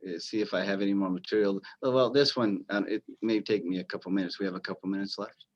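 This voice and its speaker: A man in a casual chat, slowly telling old jokes with halting fillers and restarts. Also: fairly low pitch, fairly even intonation, a little hiss or hum. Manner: halting, with repeated words and fillers. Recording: dull lo-fi sound.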